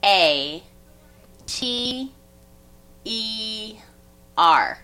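A woman hosting a casual group chat, animated and laughing at her own mispronunciations. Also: mid-range voice, extremely slow, smooth. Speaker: podcast host.

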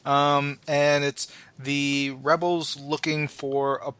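A man's voice: a little high, level tone, takes it slowly, fairly bright tone, clean tone. A man co-hosting a podcast in casual chat, enthusiastic and rambling with many fillers. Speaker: podcast co-host.

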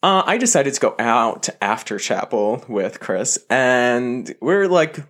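Man, podcast co-host, casual chat, lively storytelling, very expressive pitch. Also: slow. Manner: animated storytelling.

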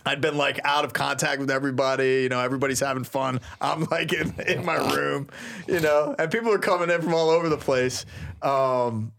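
A man who is a priest, telling a story in a casual, animated, slangy way and laughing often on a talk show. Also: mid-range voice, fairly quick, vocal fry. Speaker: priest, co-host.

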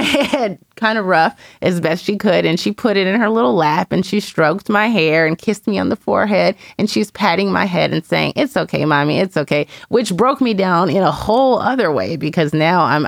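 A woman's voice: lowish voice, creaky, no echo, studio quality. A woman in casual conversation, candidly and reflectively telling a personal story as a mother, with lots of "you know".

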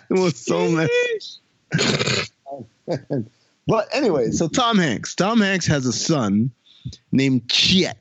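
A man's voice: fairly high pitch, big pitch swings, slow pace, pauses often, a bit bright, breathy edge, dry recording, lo-fi sound. A man hosting a casual podcast, telling stories and reading jokes aloud. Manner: storytelling, reads jokes aloud with laughs. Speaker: podcast host.

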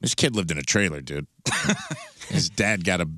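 A man's voice: deep voice, expressive, measured pace, sharp tone, a little hiss or hum. An American man on a radio show's banter, telling jokey stories and putting on voices. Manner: jokey storyteller, puts on voices in his bits. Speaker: radio co-host. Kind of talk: casual comedic chat.

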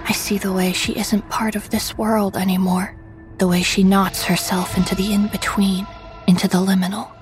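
A woman narrating a first-person horror story in a hushed voice that often drops to a whisper. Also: mid-range voice, little pitch movement, normal speed, faint music behind, poor audio.

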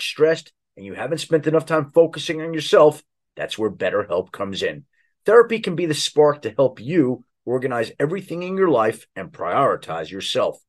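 A man reading a sponsor advertisement on a podcast, smooth and measured. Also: on the high side, sing-song. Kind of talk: read advertisement.

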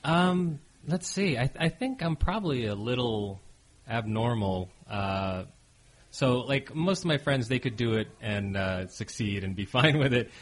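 A man from Las Vegas, a stand-up comedian, answering interview questions in a hesitant way with many fillers and soft laughs. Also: mid-range voice, expressive, a little slow, poor audio. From Las Vegas, USA. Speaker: comedian guest. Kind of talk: casual interview.

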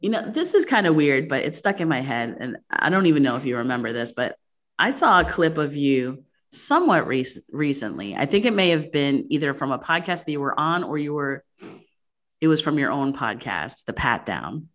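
A woman's voice: low voice, sing-song, normal speed. A woman hosting a casual interview, talking in a chatty way full of "like". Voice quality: chatty, frequent "like" fillers. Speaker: podcast host.

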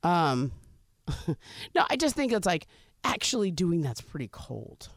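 A woman co-hosting a podcast, talking sports in a chatty, animated way. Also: on the low side, no echo, clean studio sound. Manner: chatty, animated, quick asides. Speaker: podcast co-host. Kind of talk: casual sports chat.

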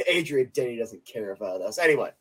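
With a medium-pitched, slightly rough voice, a young male podcast co-host keeps the casual conversation light. He's jokey and playful throughout, laughing frequently.

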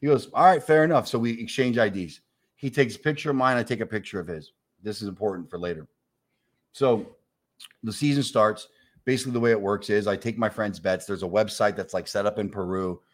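Comic guest, man in his 40s, from New York, lowish voice, animated, profane, does the voices. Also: a little fast. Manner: animated storyteller acting out quoted voices, swears freely. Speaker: comedian guest. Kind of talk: casual storytelling chat.

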